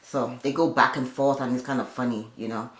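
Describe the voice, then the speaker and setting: A woman's voice: extremely low pitch, steady tone, brisk, a little hiss or hum. A woman giving a casual, chatty recap of a reality show, with opinionated asides along the way. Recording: echoey room.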